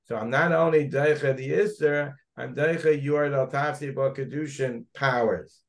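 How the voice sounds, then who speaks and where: A man's voice: medium pitch, fairly even intonation, a little slow. A man, a rabbi, teaching a Talmud class, thinking aloud as he searches through the text and digresses.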